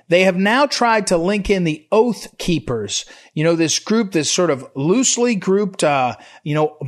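A man hosting a political talk radio show, speaking in an emphatic, urgent monologue with frequent restarts and self-corrections. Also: sits high.

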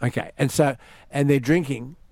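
A man's voice: mid-range voice, steady tone, moderate pace, vocal fry, darkish tone, dry recording. Australian male radio host, dry studio sound. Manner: storytelling, emphatic repeats. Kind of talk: casual radio banter.

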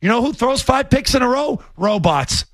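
A man co-hosting sports radio talk as a former quarterback, blunt and animated, swearing casually. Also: extremely high pitch, moderate pace, no echo.

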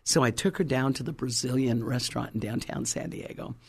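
A woman preacher telling her testimony in a sermon, animated and fervent, acting out the people in her story. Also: rumbling low, a little fast, breathy edge. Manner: fervent, exclamatory.

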